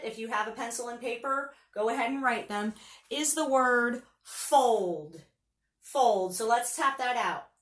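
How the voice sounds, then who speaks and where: A woman's voice: a little high, reverberant, recorded from a distance. A woman teacher giving a patient phonics lesson, sounding out letters and words for young students.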